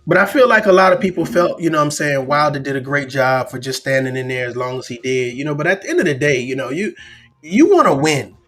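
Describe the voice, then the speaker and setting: Husky animated man hosting a livestream. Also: fairly high pitch, quick pace, faint music behind. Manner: animated, acts out voices of others. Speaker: livestream show host. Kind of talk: casual live-stream commentary.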